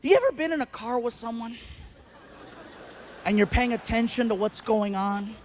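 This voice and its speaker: A man performing stand-up comedy, telling a story in an animated way with bursts of shouting. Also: extremely high pitch, normal speed, slight background noise.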